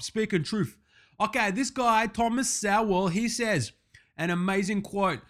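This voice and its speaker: A man's voice: high-pitched, a little slow, a bit bright. A man doing a satirical comedy monologue as a show host, talking in a brash, crude and self-congratulating way, with sarcastic muttered asides.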